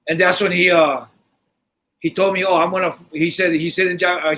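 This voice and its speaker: High-voiced man telling a rough story. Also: brisk, a little hiss or hum, poor audio. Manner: animated, swears freely, repeats and restarts. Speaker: podcast host. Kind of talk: casual storytelling.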